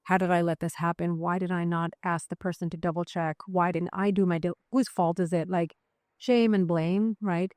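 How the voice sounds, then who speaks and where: A woman being interviewed, talking in an animated, conversational way with frequent restarts and fillers. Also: on the low side, fairly quick, few pauses, no echo, studio quality. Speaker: psychiatrist guest.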